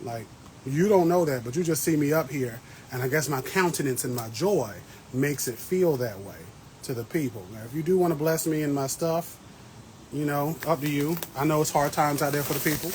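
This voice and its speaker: A man's voice: fairly high pitch, moderate pace, a little mellow, slight background noise, rough recording. Thirties male host, chatty and playful, talking to live viewers from his garden over a phone, faint background ambience. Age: 30s. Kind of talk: casual live-stream chat. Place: outdoor garden beds. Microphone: phone livestream.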